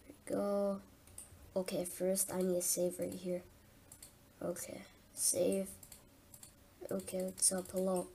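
A woman's voice: on the low side, monotone, slow pace, gravelly, pauses often, warm tone, slight background noise. A woman giving casual gameplay commentary as a let's-play host, just woken up and thinking aloud in a chatty way.

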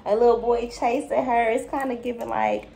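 A woman gives viewers a casual, intuitive spiritual reading, addressing the listener as baby and chatting with loose filler. Her fairly high voice is gravelly and warm, with fairly even intonation and a moderate pace. A little hiss or hum sits underneath.

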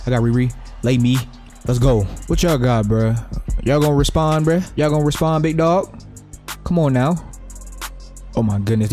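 A young man giving live, profane, trash-talking commentary over his own basketball video game play, breaking into sudden excited yelps. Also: medium pitch. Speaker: gaming YouTuber.

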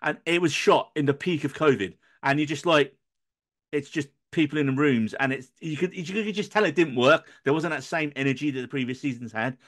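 A man's voice: fairly high pitch, fairly quick, fairly bright tone. A man hosting a casual podcast chat, joking around and swearing for comic effect. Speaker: podcast host.

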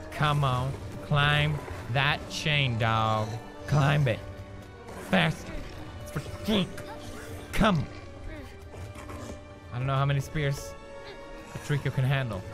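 A man giving let's-play commentary on a video game, excitable and swearing a lot, shouting during fights. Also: medium pitch. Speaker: gamer. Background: game music.

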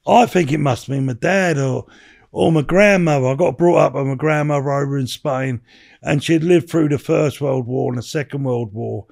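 As a podcast guest, a former bare-knuckle boxer in his sixties rambles through stories in a relaxed interview, swearing and saying "you know what I mean" again and again. His medium-pitched voice has vocal fry and a darkish tone, at normal speed.

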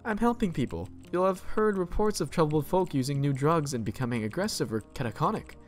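A man's voice: a little high, animated, brisk, soft background music, close to an everyday voice. A man voicing a spiteful female nurse-pharmacist in a text game, sneering and smugly sweet. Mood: falsely sweet.

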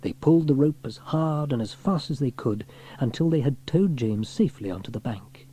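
A man reading a children's storybook aloud in an expressive way. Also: medium pitch, normal speed, husky.

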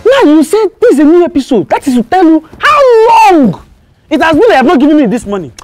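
High, quick Nigerian woman arguing. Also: very animated, a little mellow, faint music behind. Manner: demanding and argumentative. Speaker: comic sketch character. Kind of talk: comedy sketch acting.

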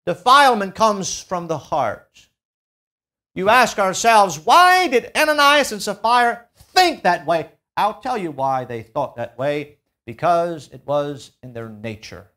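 A male pastor preaching a sermon in a church, swinging from loud, emphatic peaks to low, quiet drops and drawing out key words as he reads scripture. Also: animated, unhurried. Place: church sanctuary.

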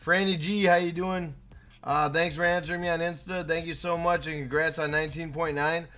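A man's voice: on the high side, fairly even intonation, a little fast. A young man live-streaming a game, chatting casually and hyping up his chat by name. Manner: hyped, shouts out chat names.

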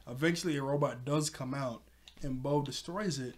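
A man's voice: mid-range voice, moderate pace, slight background noise. A man recapping a cartoon episode in a loose, rambling way, full of fillers like "like" and "you know", often chuckling. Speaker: TV show reviewer.

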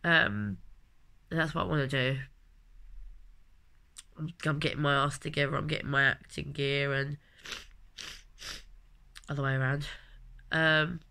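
A woman's voice: deep voice, measured pace, vocal fry, pauses often, bright, forceful tone. A woman in her late twenties with a London accent, talking in a rambling, heartfelt personal vlog while she has a cold. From London, England. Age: late 20s. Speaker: vlogger.

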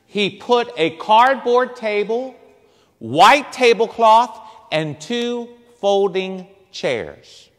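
Man, priest, storytelling sermon, high and very expressive, slow delivery, long church reverb. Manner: animated storyteller, acts out voices, punchy asides to the crowd.

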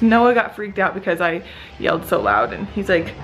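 A young woman vlogging with her family, excitable and quick to laugh and squeal. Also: lowish voice, poor audio. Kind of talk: excited family vlog chat.

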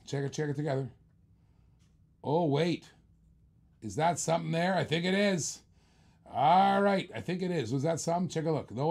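Excited older man calling an auction. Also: fairly high pitch. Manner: enthusiastic, chatty, repeats lines while showing cars. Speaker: live auction host. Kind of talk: energetic live-stream auction patter.

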